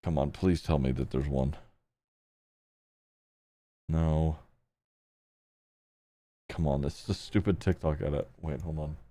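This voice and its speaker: A young man streaming live, chatting casually as he reacts to videos, laughing, swearing and thinking out loud. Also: very deep voice, steady tone, takes it slowly, pauses often, no echo.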